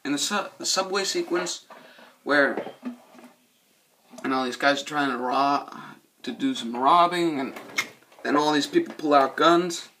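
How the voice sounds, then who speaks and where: Man, movie review vlog, profane rambling, slightly high pitch, faint background noise. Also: measured pace, long pauses. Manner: profane, excitable, loses his train of thought.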